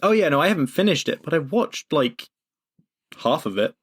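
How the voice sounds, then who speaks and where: A man's voice: on the high side, big pitch swings, normal speed, husky. A young man co-hosting a podcast in casual chat, easygoing, often reading things aloud. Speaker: podcast co-host.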